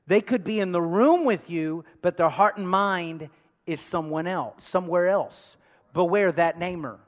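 Guy preaching in a big church, pretty high voice, lots of call and response, loud then quiet. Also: slow pace, dull audio. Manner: emphatic, swinging between loud and hushed. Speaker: pastor. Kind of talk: sermon. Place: large church hall. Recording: long hall reverb.

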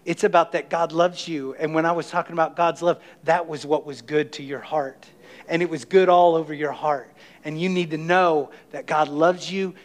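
A middle-aged man preaching a sermon as pastor of his church, emphatic and energetic, calling on the congregation to respond. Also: on the high side, moderate pace. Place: church sanctuary.

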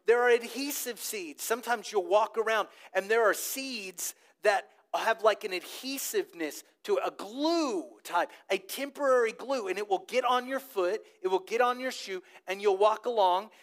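Pastor, male, high-pitched, lively sermon storyteller who gets the crowd to echo him. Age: adult with a child old enough to talk. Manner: animated storytelling, asks the congregation to repeat words.

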